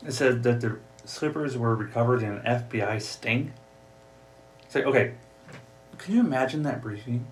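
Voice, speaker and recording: A man's voice: medium pitch, moderate pace, long pauses, a little hiss or hum. Chatty Upper Midwest man, podcast host. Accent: Upper Midwest American. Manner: chatty, jokey, acts out voices for gags. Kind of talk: casual solo podcast chat. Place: home office. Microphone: desk mic, also streaming live.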